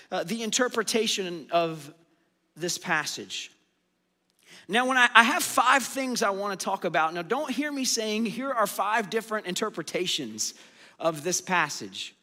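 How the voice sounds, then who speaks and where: A man's voice: sits high, sharp tone. A man teaching a sermon, asking the audience questions and then answering them himself. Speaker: pastor. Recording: long hall reverb.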